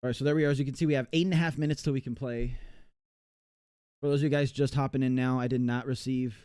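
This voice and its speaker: A man's voice: medium pitch, fairly even intonation, quick pace, darkish tone, smooth, dry recording, studio quality. A man from the United States chatting casually on a live game stream, rambling and reading chat aloud with many fillers.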